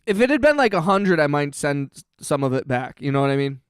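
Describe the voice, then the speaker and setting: A man hosts a casual livestream, reading out chat and cracking sarcastic jokes. His voice is a touch high and very smooth. It is recorded close to the mic with a dry, roomless sound. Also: sing-song, fairly quick, dry recording. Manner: joking, sarcastic, reads chat aloud. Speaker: livestream host. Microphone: close mic on stream.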